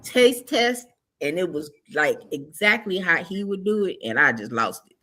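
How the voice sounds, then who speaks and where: A woman's voice: on the low side, lively intonation, moderate pace, pushed and bright, slightly rough. A woman telling a personal story openly in a casual podcast chat.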